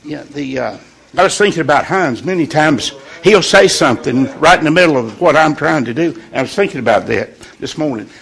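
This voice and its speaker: A man leading an informal morning devotional in a folksy, conversational way, pausing on purpose for emphasis. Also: fairly high pitch, animated, gravelly, a bit bright, husky. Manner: folksy and conversational, with deliberate pauses. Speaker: devotional leader.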